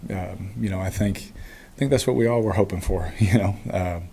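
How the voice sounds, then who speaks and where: A man in his thirties, a quarterback answering postgame press questions in a relaxed way with frequent chuckles and fillers. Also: deep voice, normal speed, creaky, breathy edge.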